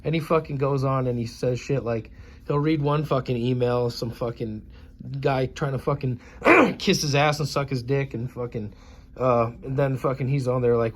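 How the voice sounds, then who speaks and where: A man's voice: medium pitch, steady tone, measured pace. A man in his forties from the United States, ranting in a profane, scornful and combative vlog monologue. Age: 40s. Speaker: YouTuber.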